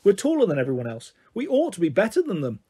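A man's voice: sits high, wildly swooping pitch, fast, mellow, breathy edge, heavily acted. A man voicing a clumsy, anxious young schoolgirl witch in a storybook reading, in a raised, worried voice. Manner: worried, self-doubting.

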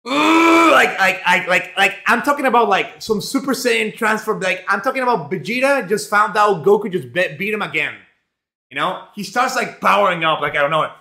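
A male streamer telling a rambling, profane story in a casual, animated way, full of fillers. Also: high voice, a little fast, reverberant.

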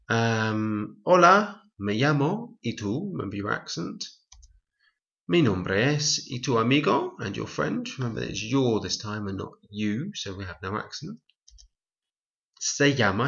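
A man teaching a Spanish lesson, reading example lines slowly and explaining each step clearly. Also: fairly low pitch, fairly bright tone, highs cut off. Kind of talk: recorded language lesson.

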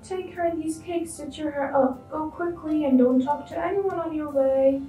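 A woman plays a caring mother who sends her daughter off with soft, gentle instructions. It is a storybook reading with a mellow tone in an echoey room. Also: high-pitched, fairly even intonation, normal speed, far from the mic, faint music behind, close to an everyday voice. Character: caring mother of a little girl.

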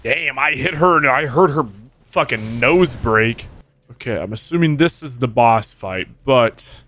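A young man streams a video game and narrates his play loosely, full of curses and quick asides. He talks with an average-pitched voice and breaks into sudden high yelps whenever a boss catches him off guard. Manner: excitable, swears often, jumps to yelps when hit. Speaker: gaming streamer. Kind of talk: casual gameplay commentary.

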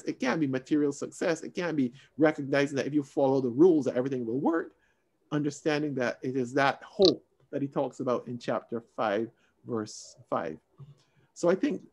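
A man with a mid-range voice teaches a Sunday school Bible lesson over a video call. He's expressive and emphatic, moving between raised stress and quiet asides.

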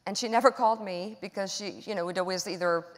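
A middle-aged woman, a guest author, telling a personal story on stage in candid, animated conversation. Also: mid-range voice, fast. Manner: candid, emotional, animated retelling with acted-out dialogue. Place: large auditorium stage. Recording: long hall reverb.

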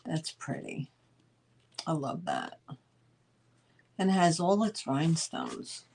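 A woman's voice: sits low, wildly swooping pitch, slow, creaky, darkish tone, breathy edge. A woman, hosting a live sale stream and chatting in a rambling, casual way with lots of fillers.

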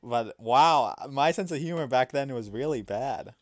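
A young man casually commenting on his gameplay while streaming, chatty and self-mocking, laughing at himself and swinging between mumbles and loud outbursts. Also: medium pitch, lively intonation, unhurried, no room sound, studio quality.

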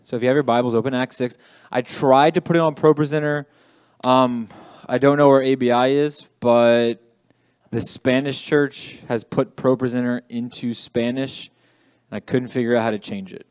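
A man's voice: medium pitch, steady tone, normal speed, a little mellow, smooth, no echo. Young male youth pastor, casual sermon delivery, self-deprecating, dry close recording. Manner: chatty, self-deprecating, says "okay" often. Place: church youth room.

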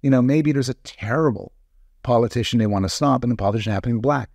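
A man's voice: medium pitch, racing, vocal fry, darkish tone, dry recording. A man, a psychologist guest in a podcast interview, arguing his points in a careful, reasoned way. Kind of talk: conversational interview.

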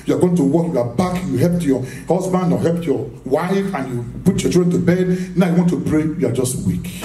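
Faint music plays behind a man preaching in a church hall, his fairly high, warm voice moving a little fast. The distant mic picks up a lot of echo as he repeats himself emphatically, laughs often and asks the congregation questions.

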